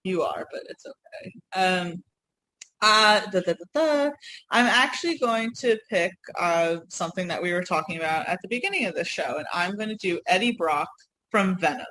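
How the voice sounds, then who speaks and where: New york lady cohosting a podcast, kinda low voice, rambles and laughs a lot. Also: lively intonation, moderate pace, a bit bright, low-quality recording. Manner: rambling storyteller, laughs often, apologetic asides. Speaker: co-host. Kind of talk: casual podcast chat.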